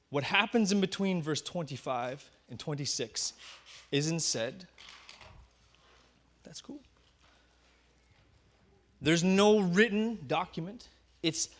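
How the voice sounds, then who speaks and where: Conversational pastor, a man with a slightly high voice. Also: a bit bright. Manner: conversational storytelling, slowing down to dwell on words; self-deprecating asides. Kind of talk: sermon.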